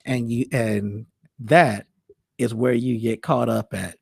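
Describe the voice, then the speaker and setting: A man's voice: medium pitch, steady tone, slow, vocal fry, breathy edge, no echo, studio quality. A man hosting a show, talking in a loose, rambling way with frequent restarts. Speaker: host. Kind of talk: casual monologue.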